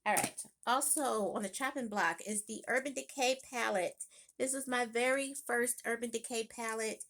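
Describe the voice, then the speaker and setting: A woman chatting casually in a home makeup vlog, thinking aloud with quick exclamations. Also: a little high, fairly bright tone. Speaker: beauty vlogger. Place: home room.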